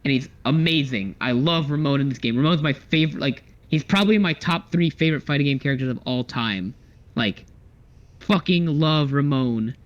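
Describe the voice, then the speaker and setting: A man co-hosting a casual podcast, talking excitedly and swearing a lot as he chats about fighting games. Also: mid-range voice, normal speed, highs cut off. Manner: excited, swears often, acts out character lines. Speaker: podcast co-host. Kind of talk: casual chat.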